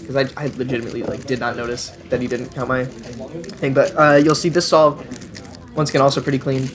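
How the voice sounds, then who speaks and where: A young man with an ordinary mid-range voice talks through his clips in a relaxed, chatty way, often poking fun at himself and laughing. A loud crowd murmurs behind him. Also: medium pitch, brisk. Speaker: vlogger. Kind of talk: casual voice-over commentary.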